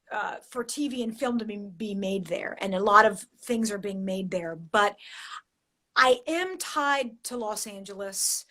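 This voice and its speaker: American actress on a video call, chatty, lots of restarts, slightly high voice. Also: female voice. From United States. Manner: lively and chatty with many restarts. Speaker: actress and interview guest. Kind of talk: casual interview chat.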